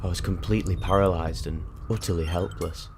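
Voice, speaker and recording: A man's voice: sits low, fairly even intonation, a little fast, gravelly, background noise. A man narrating a harrowing first-person story in an intense, dramatic way. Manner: intense, rising to shouts.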